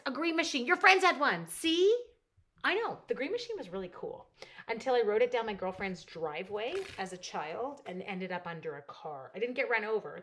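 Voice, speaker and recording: A woman's voice: mid-range voice, a little hiss or hum. A middle-aged woman chatting casually and bubbly while demonstrating paper crafts at home, joking and wandering off topic. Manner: chatty, bubbly, jokes and digresses while working. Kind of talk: casual crafting livestream chat.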